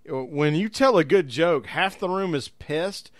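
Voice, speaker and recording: Joking male podcast co-host, higher voice. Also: unhurried, no echo, clean studio sound. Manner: laughing, joking banter. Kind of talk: casual chat.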